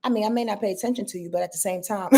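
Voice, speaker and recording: A woman's voice: mid-range voice, dark tone. A woman hosting a live-stream astrology reading, blunt and profane, addressing viewers directly as y'all and boo-boo. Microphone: webcam or phone on a live stream.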